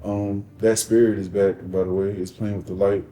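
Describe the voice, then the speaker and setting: A man's voice: on the low side, moderate pace, soft background music. A man co-hosting a podcast, chatting casually in a jokey, easygoing way. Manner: relaxed, jokey, laughs easily. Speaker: podcast co-host. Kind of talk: casual chat.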